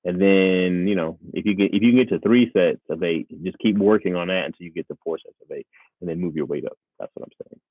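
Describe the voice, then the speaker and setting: A man in his thirties chatting casually with viewers on a live stream. He is animated and laughs often. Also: quick pace, no echo. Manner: animated, laughs often, jumps into high voices. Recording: tinny phone-like, dry.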